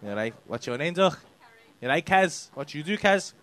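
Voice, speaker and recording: Middle-aged stand-up, bright forceful voice, sweary teasing banter, live stage mic. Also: male voice, fairly high pitch, lively intonation, normal speed. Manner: cheeky, sweary banter with the audience. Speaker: stand-up comedian. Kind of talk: crowd work at a comedy club. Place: comedy club stage.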